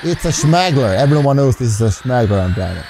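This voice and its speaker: A man's voice: mid-range voice, expressive, fairly quick, darkish tone, a little hiss or hum. A man giving playful game commentary, goofing around with rhyming nonsense words. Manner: goofy, rhyming nonsense words, frequent laughs. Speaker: gameplay commentator.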